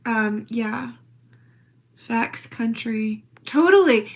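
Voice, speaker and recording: A woman's voice: fairly high pitch, animated, drawn-out words. A woman ranting into her own video in a brash, profane, defiant way. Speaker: social media poster. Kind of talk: rambling self-recorded video rant.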